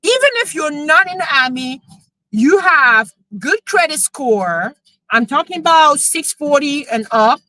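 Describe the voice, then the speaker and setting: A woman, a real estate coach chatting emotionally on a live stream, excited as she talks. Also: high-pitched, a little slow, no room sound, poor audio. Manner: excited, emotional, switching into French.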